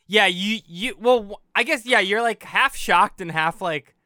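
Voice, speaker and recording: A man's voice: high voice, a little slow, sharp tone, no echo, clean studio sound. A man hosting a casual podcast chat, reflecting on what he hears and thinking aloud.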